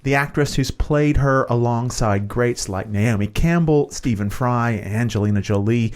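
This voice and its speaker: A man's voice: mid-range voice, moderate pace, a little mellow, smooth. A man from the United States, co-hosting a podcast and interviewing a guest in an upbeat, playful way. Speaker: podcast co-host. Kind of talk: scripted podcast intro and interview.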